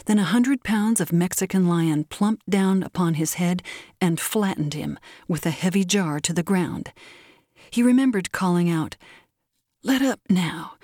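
A woman narrating a short story for an audiobook in a measured, expressive way. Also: on the low side, dry recording, clean studio sound.

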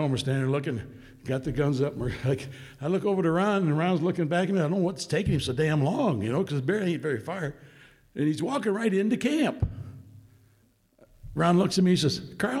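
A man telling a hunting story to a room in a relaxed, folksy way, chuckling as he goes. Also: a little high. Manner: folksy, drawling, laughs while telling. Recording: long hall reverb.

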